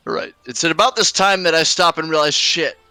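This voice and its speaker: Male tabletop player, bright and smooth-toned, relaxed and easygoing. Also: fairly high pitch, quick pace, no echo, soft background music. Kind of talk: casual tabletop play.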